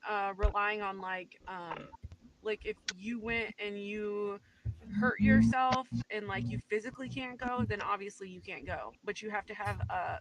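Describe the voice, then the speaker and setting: A woman rambling casually to camera, explaining with many fillers. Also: medium pitch. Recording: loud background noise.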